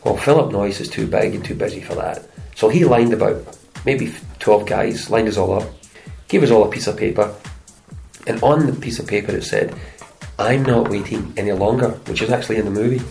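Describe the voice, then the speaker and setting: A man's voice: fairly low pitch, brisk, creaky, darkish tone, faint music behind, poor audio. A middle-aged Scottish man, an actor and stuntman, telling chatty anecdotes in an interview and slipping into voices for the people in them. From Scotland. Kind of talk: casual interview storytelling.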